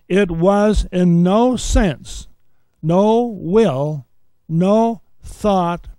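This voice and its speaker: A man teaching a seminary Bible lesson, reading scripture aloud and explaining it point by point. He talks with a preacher's cadence and slows down on key words. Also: sits high, warm tone, dry recording.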